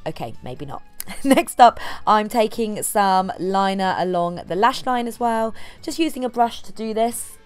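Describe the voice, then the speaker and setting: A woman's voice: medium pitch, clear, resonant tone. A chatty, giggly woman walking viewers through a makeup tutorial, joking at herself as she goes. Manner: chatty, giggly, self-mocking. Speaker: makeup artist.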